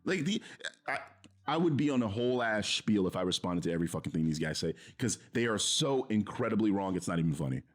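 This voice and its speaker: Exasperated swearing man, lively pitch. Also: fast. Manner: profane, exasperated, mocking laughs. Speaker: streamer reacting to a video. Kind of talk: heated casual commentary.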